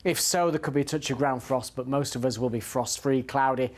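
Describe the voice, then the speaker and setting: A man's voice: medium pitch, a little fast. Brief: male weather presenter, conversational and easygoing. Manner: relaxed, conversational, dry. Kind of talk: TV weather forecast.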